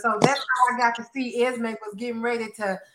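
A woman co-hosting a soap opera chat, explaining things in a chatty, relaxed way. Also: a little high, fairly quick, noisy background. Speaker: soap opera podcast co-host. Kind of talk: casual chat. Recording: echoey room.

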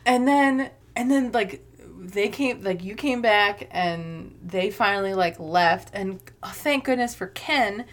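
A woman co-hosting a podcast, telling stories in casual chat, animated and acting out what people said. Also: medium pitch, slow pace. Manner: animated storytelling, acts out quoted voices, swears. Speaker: podcast co-host.

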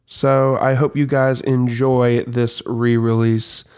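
A man's voice: mid-range voice, slow, smooth, no room sound, clean studio sound. Young man hosting a casual podcast. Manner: relaxed, filler-heavy, laughs easily. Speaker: podcast host.

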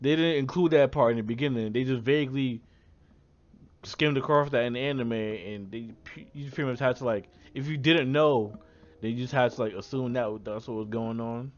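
A man's voice: medium pitch, normal speed, dull audio. A man co-hosting a casual podcast about anime, laughing often and acting out the characters he quotes. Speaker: podcast co-host.

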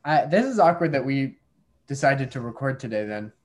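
A young man hosting a comedy podcast, joking in deadpan and turning quickly exasperated. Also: mid-range voice. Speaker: podcast host. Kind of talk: improvised comedy podcast banter.

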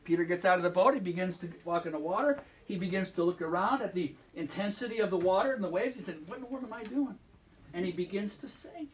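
A man's voice: sits high, quick pace, hardly any pauses, far from the mic, slight background noise. A man preaching a sermon in a church as pastor, talking conversationally and asking the congregation questions. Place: church sanctuary.

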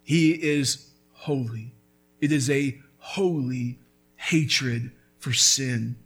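A man's voice: medium pitch, drawn-out words, fairly bright tone, faint music behind. A man preaching a sermon as pastor, earnest and building to emphatic peaks.

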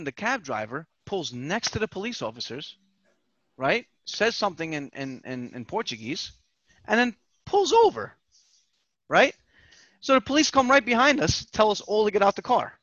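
A man's voice: sits high, a bit bright, no echo, highs cut off. A man telling a story with animation on a casual podcast chat, swearing and repeating himself. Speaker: podcast host.

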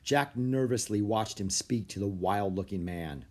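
A man narrating a children's storybook aloud, expressive and animated. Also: fairly low pitch, unhurried.

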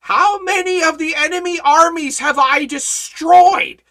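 A Bible study teacher in casual teaching, emphatic, swinging from hushed remarks to loud rhetorical questions and repeating phrases for emphasis. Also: extremely high pitch, unhurried.

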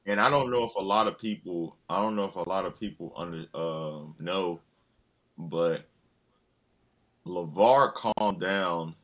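A man with a fairly low voice, chatting casually as co-host. He tells stories in an animated way, full of slang and swearing. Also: unhurried. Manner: animated storytelling, profane slang. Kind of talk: casual chat.

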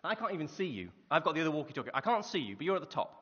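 Talking very fast in a husky, high-leaning voice, a preacher fills his church-hall sermon with lively stories and rhetorical questions for listeners. The hall sound is muffled and reverberant.

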